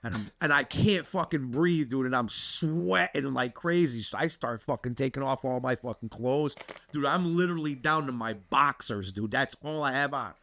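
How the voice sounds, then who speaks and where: A man's voice: medium pitch, moderate pace, vocal fry. A man hosting a podcast, telling a wild story in casual, profane chat, peppered with "dude". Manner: animated, profane, keeps saying dude. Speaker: podcast host.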